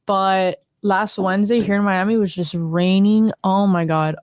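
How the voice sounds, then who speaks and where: A woman's voice: medium pitch, fairly even intonation, measured pace, a little mellow. A woman co-hosting a podcast, chatting in a casual, laid-back way. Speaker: podcast co-host. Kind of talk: casual chat. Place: podcast studio.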